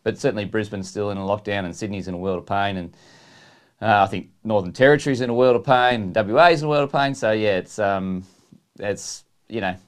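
A man's voice: fairly low pitch, a little fast, clean tone. A man with an Australian accent hosting a casual interview podcast, joking and laughing at his own bad jokes. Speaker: podcast host.

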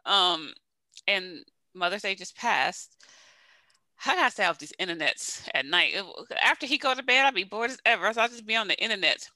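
A woman's voice: medium pitch, lively intonation, normal speed, bright, forceful tone, no echo. A woman podcast co-host chatting casually and teasing her friends. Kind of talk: casual chat.

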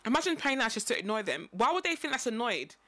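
A woman's voice: fairly high pitch, very animated, quick pace, fairly bright tone. A woman co-hosting a podcast, chatting playfully and teasing her co-host. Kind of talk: casual chat.

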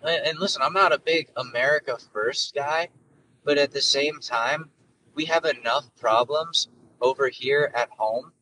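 A man's voice: mid-range voice, a little slow, pushed and bright, distant mic, slight background noise, poor audio. A man in his twenties hosting a solo podcast, rambling casually and profanely with jokes and fillers. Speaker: podcast host.

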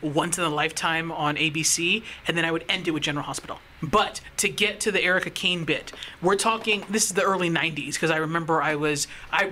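A woman co-hosting a podcast in casual chat, retelling a story in an animated way. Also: low voice, slight background noise. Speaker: podcast co-host.

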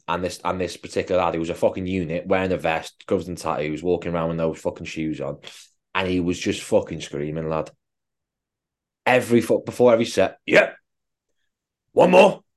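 A man's voice: deep voice, fairly quick, darkish tone. A man co-hosting a podcast, a fitness coach chatting casually and swearing bluntly. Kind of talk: casual chat.

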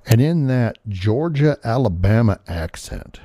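A man in his sixties hosts a podcast and tells personal stories slowly and earnestly, gushing like a fan and swearing now and then. His low, mellow voice rises and falls a lot. The sound is close and dry. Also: very animated, dry recording. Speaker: podcast host. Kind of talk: casual personal storytelling.

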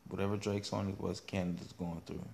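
Gravelly-voiced man hosting a podcast. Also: low-pitched, level tone, a little fast, darkish tone, a little hiss or hum. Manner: playful, teasing. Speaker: podcast host. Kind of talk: casual podcast chat.

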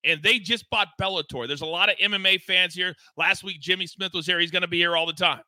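Male betting-show host; high, piercingly bright, pumped-up promo delivery in a dry room. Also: fast talker, no room sound. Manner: hyped, promotional, emphatic. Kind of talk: energetic sports betting show chat.

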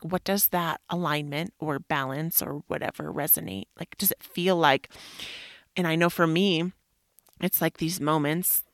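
A woman in her thirties hosts a casual solo podcast, candid and rambling, now and then slipping into a whisper or a swear. Her voice sits a little low. The sound is close and dry, with no room around it. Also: a bit bright, no room sound. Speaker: podcast host.

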